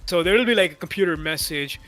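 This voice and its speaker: A man's voice: high-pitched, lively intonation, quick pace, sharp tone. A man chatting on a gaming stream, a laughing storyteller. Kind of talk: casual voice chat.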